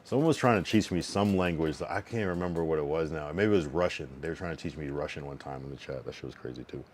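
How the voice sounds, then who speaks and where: A young man with a deep, low voice talks casually to his stream chat. He rambles a little, uses plenty of fillers, and repeats a word many times while testing how to say it. A faint room hum sits underneath. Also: fast talker, darkish tone. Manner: repeats a word over and over to get the pronunciation right. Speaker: livestreamer.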